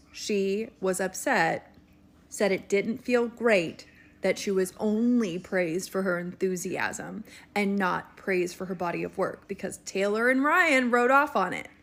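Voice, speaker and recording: A woman's voice: medium pitch, fairly bright tone. A woman giving pointed, incredulous commentary on a celebrity dispute.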